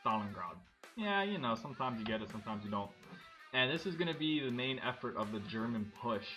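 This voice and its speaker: A man casually commenting as he plays a tank game, thinking aloud and getting excited when things blow up. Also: medium pitch, fast, faint music behind. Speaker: gameplay commentator. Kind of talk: casual let's-play commentary.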